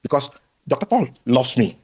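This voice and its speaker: A man, a former pastor, telling his story candidly in an interview with lively quoted voices. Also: mid-range voice, normal speed, husky. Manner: animated storytelling, acts out quoted voices, frequent restarts.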